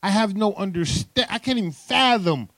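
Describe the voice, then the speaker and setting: A man's voice: high-pitched, moderate pace, no echo. Emphatic man ranting on a podcast. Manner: animated, emphatic, profane. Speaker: podcast co-host. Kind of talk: casual podcast chat.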